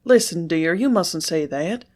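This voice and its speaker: A woman voicing an earnest young male horse rider in an audiobook, with a rough-spoken, pleading manner. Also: lowish voice, lively intonation, a little slow. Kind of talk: audiobook character reading.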